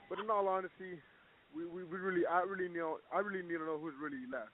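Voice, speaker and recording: A man's voice: sits high, fast, vocal fry, a little hiss or hum. A man of Mexican origin giving blunt, profane, rambling opinions in a casual recorded segment. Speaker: boxer, guest segment. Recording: tinny phone-like sound.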